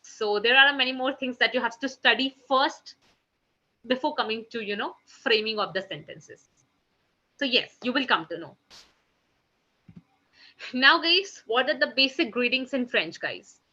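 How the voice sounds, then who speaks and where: A woman teaches a French class online, speaking in a bright, sharp voice a little above the usual pitch. She repeats each French phrase twice and keeps calling her class "guys". The audio is slightly dull and lo-fi. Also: animated, moderate pace. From India.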